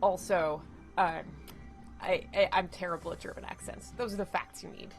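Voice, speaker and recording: A woman's voice: fairly low pitch, fairly even intonation, normal speed, soft background music. A young woman streaming a video game, chatting with viewers, greeting them by name and talking through her moves. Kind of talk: casual game streaming chat.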